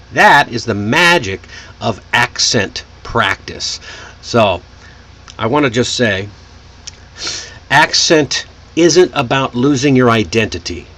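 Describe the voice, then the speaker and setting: A man from Texas, teaching an online English pronunciation lesson. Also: mid-range voice. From Texas, United States. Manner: slow, lively, animated delivery.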